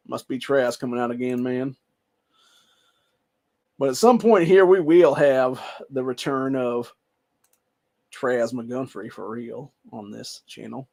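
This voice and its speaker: A young man from Ohio hosting a show, reading news aloud and ranting heatedly with constant profanity and "dude.". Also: medium pitch. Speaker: show host.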